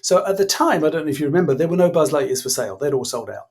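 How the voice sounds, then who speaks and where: A man with a husky, slightly raised voice tells his story as a podcast guest. He acts out each exchange and chuckles through the punchlines. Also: on the high side, animated, rapid-fire, darkish tone. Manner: acts out quoted dialogue, laughs while telling. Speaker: guest, former innovation executive. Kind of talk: animated anecdotal storytelling.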